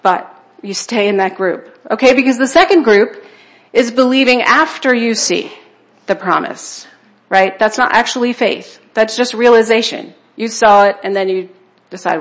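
At a church conference, a woman shares her personal testimony emotionally and conversationally, checking in with her listeners. Her voice is fairly high-pitched at a moderate pace.

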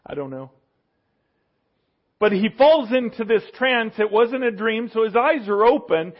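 A man with a high, breathy voice preaches in a loose, conversational way, peppering the message with asides and quick questions to the congregation. The recording sounds dull and lo-fi. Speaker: pastor. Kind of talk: sermon.

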